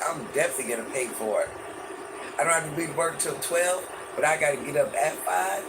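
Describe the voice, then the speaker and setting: A woman with a naturally deep voice, hoarse and losing it, chatting casually with viewers on a live stream and greeting them by name. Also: a little fast. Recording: noisy background hiss.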